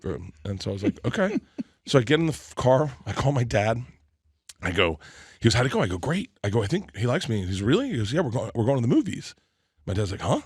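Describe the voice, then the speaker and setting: A man's voice: medium pitch, big pitch swings, fast talker, husky, no room sound, studio quality. A man telling a long comic story on a podcast, acting out the voices and laughing through it. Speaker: storytelling guest.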